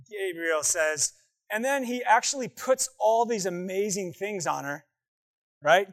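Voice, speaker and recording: A man preaching a sermon, telling stories animatedly and acting out voices, swinging from hushed asides to loud excited bursts. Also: sits high, normal speed. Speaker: pastor.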